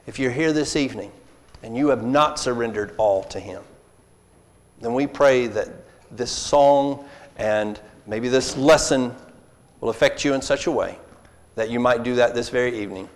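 A man's voice: mid-range voice, moderate pace. Earnest preacher man in a reverberant hall. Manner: earnest, pleading, acts out quoted apologies. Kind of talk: sermon. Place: church hall. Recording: long reverb of a church hall.

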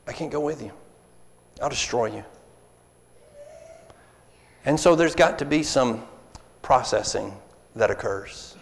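A man preaching a sermon, earnest and pleading, acting out apologies to make his point. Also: medium pitch. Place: church hall. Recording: long reverb of a church hall.

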